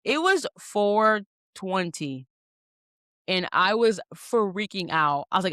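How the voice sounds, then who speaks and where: A young woman hosting a podcast, telling a story in casual chat, animated and full of fillers, acting out what people said. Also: mid-range voice, slow, no echo, studio quality. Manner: animated, many "like" fillers, acts out quotes. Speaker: podcast host.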